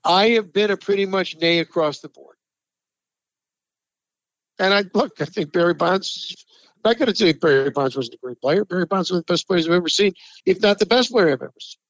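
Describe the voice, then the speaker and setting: A man co-hosting a sports talk podcast, ranting loudly and with a lot of swearing, from the New York area. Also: sits high, fairly quick, dry recording. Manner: ranting, profane, emphatic, heated. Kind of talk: heated sports talk chat. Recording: dry, muffled lo-fi sound.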